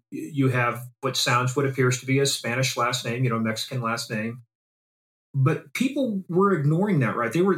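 A man hosting an interview, asking measured, probing questions and often checking with "right?". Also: mid-range voice, fairly bright tone. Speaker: interview host. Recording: roomy echo.

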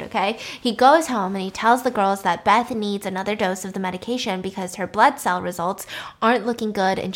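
A woman casually recapping a story in an animated, chatty way, laughing now and then. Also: medium pitch.

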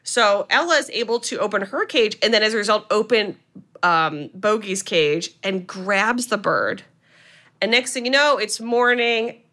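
A woman co-hosting a podcast who retells a film plot in a chatty, animated way with plenty of filler words. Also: mid-range voice, a little slow. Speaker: podcast co-host. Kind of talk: casual film recap.

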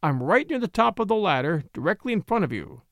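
A man's voice: high-pitched, very animated, fast, a bit bright, no room sound, exaggerated voice. A man voicing a genial, amiable young lawyer, speaking politely in an audiobook reading. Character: genial young male lawyer stuck up a ladder.

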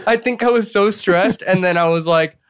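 A man's voice: sits high, normal speed, clear, resonant tone, dry recording, clean studio sound. A man co-hosting a podcast in casual chat, playful and teasing his friends. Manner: playful, teasing, self-mocking. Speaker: podcast co-host. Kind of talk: casual film-discussion chat.

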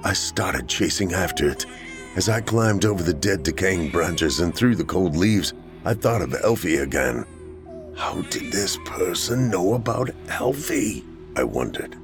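A man narrates a first-person horror tale from a script, acting out each fearful moment. His voice sits low but moves with lively swings, and faint music plays under him. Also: measured pace. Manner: dramatic, acts out frightened lines.

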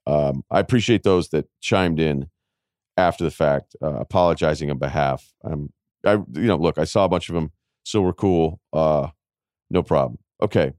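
Male podcast host, forties, low voice, dry close mic, chatty self-mocking storyteller. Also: a little mellow, no room sound. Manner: rambling storyteller, quick asides and wry self-mockery. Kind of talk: casual podcast chat.

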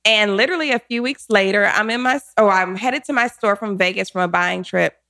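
Gravelly-voiced woman, 40s, chatty storyteller, does all the voices in her anecdotes. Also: mid-range voice, a little fast. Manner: animated, acts out quotes, laughs often. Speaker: guest telling her career story. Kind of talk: conversational storytelling in an interview.

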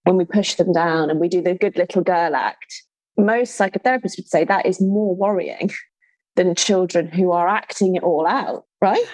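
A woman's voice: lowish voice, normal speed, darkish tone, no room sound, poor audio. A woman hosting an interview, speaking thoughtfully and in a casual, reflective way. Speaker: podcast host.

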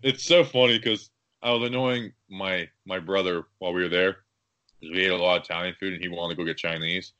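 A man's voice: low-pitched, fairly quick, lo-fi sound. A young man co-hosting a casual sports podcast, rambling and joking through his stories. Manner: rambling, joking, animated storytelling. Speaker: podcast co-host.

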